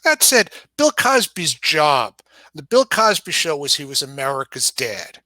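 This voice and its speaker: A man with a New York accent talks in a casual conversation, his voice pitched a little high and bright. The sound is close and dry. He circles back over his words, restarting sentences as he works out each point. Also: sing-song, a little slow, no room sound. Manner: thoughtful, many restarts and repeated words. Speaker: game publisher guest. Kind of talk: casual discussion.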